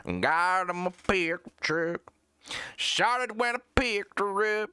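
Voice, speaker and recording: A man's voice: high-pitched, slow pace, pushed and bright, smooth, pitched above the performer's own voice, full character voice. A man putting on a mocking impression of a male country singer, drawling in an exaggerated sing-song way.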